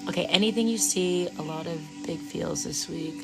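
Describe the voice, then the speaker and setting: A woman chatting casually to viewers on an outdoor live stream, calling them darling, with gentle guided breathing. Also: on the low side, normal speed, creaky. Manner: affectionate, calls viewers darling and lovelies. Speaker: livestream Reiki practitioner. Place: outdoors at sunrise. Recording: music playing in the background.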